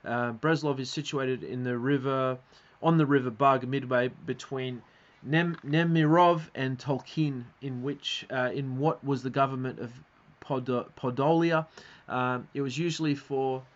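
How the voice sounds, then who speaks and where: A man's voice: mid-range voice, steady tone, measured pace, lo-fi sound. Rambling man giving a casual lecture. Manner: rambling, hesitant, many fillers and restarts. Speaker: video lecturer.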